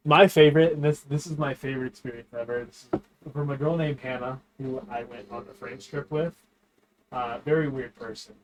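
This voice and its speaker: A man's voice: medium pitch, fairly even intonation, normal speed, low-quality recording. A young man chatting casually while gaming, telling stories in a laid-back way, swearing and giggling.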